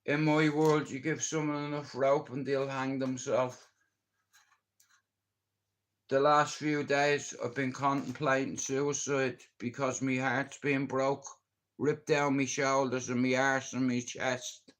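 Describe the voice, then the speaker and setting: A man's voice: mid-range voice, flat delivery, unhurried, fairly bright tone. A middle-aged Irish man rambling bluntly in a casual live-stream chat, swearing freely and speaking openly about his feelings. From Ireland. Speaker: livestreamer.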